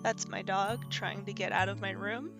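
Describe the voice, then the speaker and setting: A woman's voice: medium pitch, steady tone, moderate pace, creaky, over loud music. A woman streaming a game from her bedroom on a headset, chatting awkwardly with lots of fillers and hiccuping now and then. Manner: awkward, rambling, many fillers. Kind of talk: casual live-stream chat.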